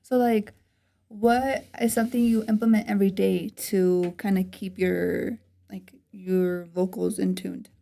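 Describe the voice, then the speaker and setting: A young woman with a raspy voice hosting a casual podcast chat, laughing often and swearing freely. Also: medium pitch, little pitch movement, unhurried, warm tone. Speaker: podcast host.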